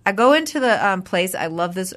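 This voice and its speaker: Bright, lively woman telling a story. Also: mid-range voice, fairly quick. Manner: animated, acts out quoted voices. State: mildly congested. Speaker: podcast co-host. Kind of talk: casual chat, storytelling.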